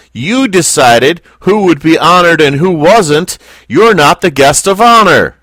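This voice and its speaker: A man teaching a Bible lesson to a small group, speaking slowly and deliberately and putting questions to his listeners. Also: a little high, a bit bright, no room sound, studio quality. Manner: slow, deliberate, asks the class questions.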